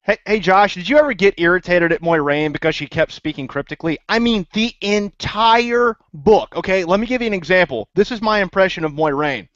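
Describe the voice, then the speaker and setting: A man's voice: high-pitched, animated, fairly quick, hardly any pauses, fairly bright tone, no room sound. A man co-hosting a casual book podcast, who talks eagerly and cuts in playfully. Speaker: podcast co-host. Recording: dry, muffled lo-fi audio.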